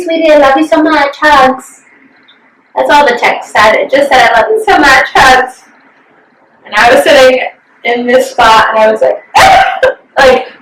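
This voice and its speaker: A woman's voice: fairly high pitch, a bit bright, echoey room, recorded from a distance, low-quality recording. A young woman co-hosting a podcast, chatting candidly, swearing freely and acting out what others said. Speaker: podcast co-host. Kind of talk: casual chat.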